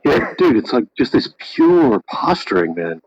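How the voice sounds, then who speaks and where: Mid-pitched man, fed up and cursing, slight noise behind. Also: big pitch swings, measured pace, darkish tone, lo-fi sound. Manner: profane, exasperated. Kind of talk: casual debate chat.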